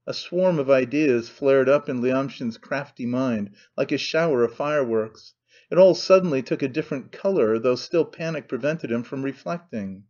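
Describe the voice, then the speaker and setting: A man narrating a classic novel as an audiobook in a measured, even reading. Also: medium pitch, muffled recording.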